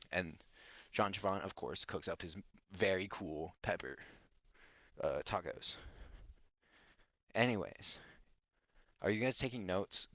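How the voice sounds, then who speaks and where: A low-voiced man rambles through a silly story recap in a casual podcast chat, goofy and mock-bossy. The recording is dull, lo-fi and dry, with no room sound. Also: a bit bright, no room sound. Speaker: podcast host.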